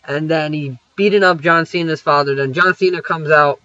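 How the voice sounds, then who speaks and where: A man's voice: on the high side, steady tone, normal speed, sharp tone, dry recording, dull audio. A young man rambling through a wrestling recap over gameplay, swearing freely and filling gaps with "you know" and "um".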